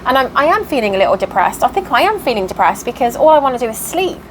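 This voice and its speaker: A woman's voice: a little high, big pitch swings, fast, slight background noise, rough recording. A tired woman chatting casually in a vlog update, venting her frustration and getting worked up. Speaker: cross stitch vlogger.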